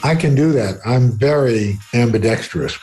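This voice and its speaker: A man with a mellow, husky, medium-pitched voice co-hosts a casual chat show from home at a moderate pace. Talking into a desktop USB microphone, he rambles with fillers and restarts.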